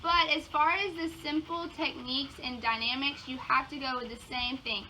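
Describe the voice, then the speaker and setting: A woman's voice: sits high, steady tone, moderate pace, sharp tone. A bubbly young woman with a Southern accent, teaching floral design in a casual video lesson. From Georgia. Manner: bubbly, enthusiastic, exclaims often. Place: outdoors in yards, then indoors at a table. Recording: dull lo-fi sound with outdoor noise.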